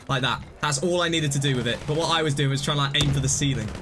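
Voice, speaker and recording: A young man streaming live gameplay commentary, rambling and mocking his own mistakes, now and then bursting out excitedly. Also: mid-range voice, rapid-fire, noisy background.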